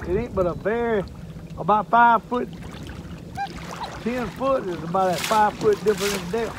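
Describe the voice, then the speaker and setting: An older man with a drawl gives folksy, chatty running commentary from a fishing boat, repeating himself when he gets excited. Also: high-pitched, normal speed. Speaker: fishing show host. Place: on a fishing boat on a lake, outdoors. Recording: wind and boat noise outdoors.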